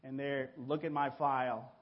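A man from Mexico giving a personal testimony to his congregation, telling his story with animated exclamations and acted-out voices. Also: medium pitch, normal speed, highs cut off. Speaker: church member giving a testimony.

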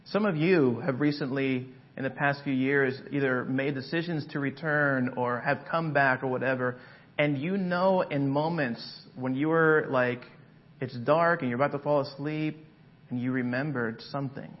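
A man preaching a sermon as pastor, dramatic and swinging from loud passages to hushed ones. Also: medium pitch, moderate pace, highs cut off.

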